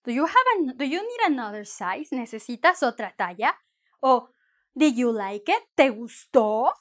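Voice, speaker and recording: A woman teaching a bilingual lesson, energetic and playful, acting out what a shopper and a seller would say. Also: a little high, normal speed. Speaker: Spanish teacher.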